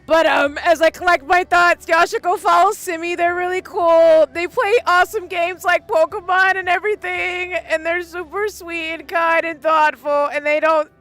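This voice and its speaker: A woman's voice: very high voice, steady tone, moderate pace, few pauses, a bit bright. A woman streaming a game who is crying. She gushes and sounds overwhelmed, swinging between wailing and mumbling into her desk microphone. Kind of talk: live gameplay reaction.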